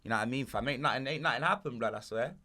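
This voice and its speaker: A man's voice: medium pitch, very fast. A man with a London accent hosting a podcast, bantering in street slang. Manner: London slang, lively and joking. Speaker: podcast host. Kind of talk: casual banter.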